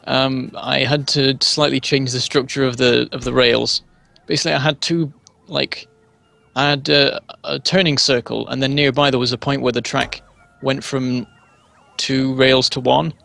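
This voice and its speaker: A man with a gravelly, bright voice talks casually while playing a multiplayer game with friends. He works his way through explanations, stopping often to fill gaps. The sound is crisp and close. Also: medium pitch, fairly even intonation, normal speed, dry recording. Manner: rambling explanations with fillers. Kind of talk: casual gaming chat.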